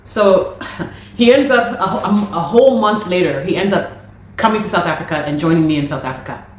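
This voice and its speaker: A woman from Canada, a musician, giving an animated and exasperated account of a dispute, with many restarts. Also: lowish voice, a little fast. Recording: very echoey room.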